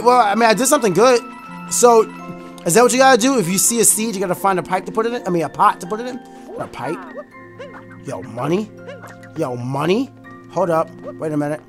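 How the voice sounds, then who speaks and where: A gaming YouTuber provides let's play commentary in a slightly high, chatty voice. Excitable, he breaks into shouts and half-sung lines when thrilled, with faint game music underneath.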